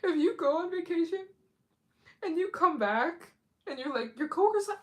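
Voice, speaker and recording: A woman's voice: high voice, sing-song, normal speed. A woman hosting a casual live stream as a travel vlogger. She chats straight to her viewers, giggles often, and acts out other people's lines in put-on voices. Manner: chatty, addresses viewers directly.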